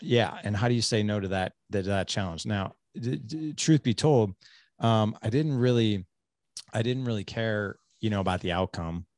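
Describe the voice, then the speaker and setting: A man in his forties hosting a podcast, talking in a casual, animated way with frequent restarts and tag questions. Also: on the low side, normal speed, no room sound, clean studio sound. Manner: animated, many restarts and "like", "right?". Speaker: podcast host. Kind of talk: casual conversational chat.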